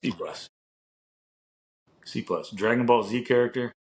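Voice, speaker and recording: A man's voice: mid-range voice, steady tone, unhurried. A young man co-hosting a podcast in casual chat, rambling with lots of filler words and casual swearing. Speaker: podcast co-host.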